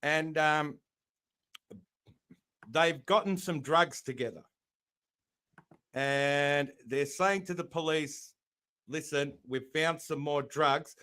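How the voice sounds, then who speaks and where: A man from Australia talks through events on a live-stream panel. His voice sits a little high, and he rambles and restarts as he explains. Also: slow, pauses often, bright, forceful tone, smooth. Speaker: panel guest. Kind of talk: casual live-stream chat.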